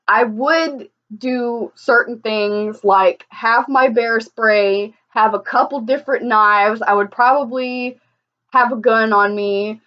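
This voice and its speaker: A vlogger reacts to a video in casual commentary, her medium-pitched voice coming through lo-fi audio. She's blunt, heated and profane, and she keeps restarting her sentences.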